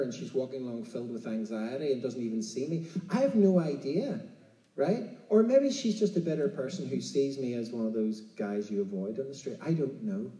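An Irish man preaches a casual, conversational sermon in a slightly high, dark-toned voice, chatting away and repeatedly asking "right?". He's caught on a distant mic in a roomy space.

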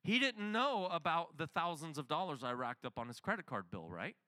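A man's voice: fairly high pitch, big pitch swings, a little fast, sharp tone. A middle-aged man preaching a sermon, telling a story and acting out the dialogue.

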